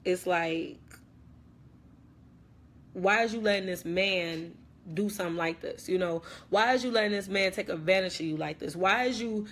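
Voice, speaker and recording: A woman's voice: medium pitch, normal speed, a bit bright, close to an everyday voice. A young woman playing a dramatic ex-best friend who rambles through a slangy, repetitive rant on a phone livestream. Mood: subdued, hurt. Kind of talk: comedic social media live rant.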